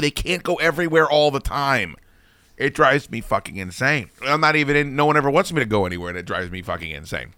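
This radio show host, a man with a medium-pitched voice, talks fast as he chats casually and vents with lots of swearing, profane and animated. It's casual chat and ranting, with no room sound.

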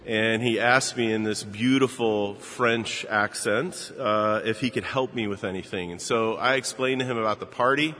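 50s guy pastor, lowish voice, easygoing sermon storytelling with lots of ums, big echoey church hall. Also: normal speed, few pauses. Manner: relaxed, conversational, with frequent fillers. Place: church sanctuary. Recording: long reverb of a large hall.

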